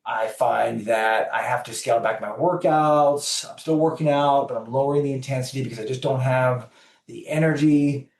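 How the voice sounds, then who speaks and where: A man's voice: mid-range voice, moderate pace. Storytelling man, distant in a roomy space. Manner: animated storyteller acting out dialogue. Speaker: podcast guest. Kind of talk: storytelling in an interview.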